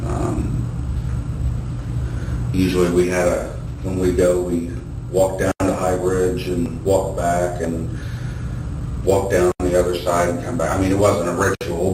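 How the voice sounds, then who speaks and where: A man giving a halting recorded interview, pausing often with ums and restarting his sentences, heard from a distance in an echoey room with noise behind. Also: low-pitched.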